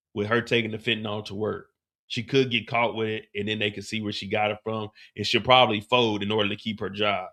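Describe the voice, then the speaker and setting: A man hosting a live stream, recapping a TV episode in a casual, profane, animated way. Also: fairly low pitch, vocal fry.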